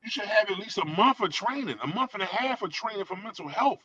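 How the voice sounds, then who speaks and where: Bright-voiced man ranting, swearing. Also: high voice, lively intonation, fast, breathy edge, lo-fi sound. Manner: emphatic, profane, opinionated. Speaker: podcast co-host. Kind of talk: casual chat.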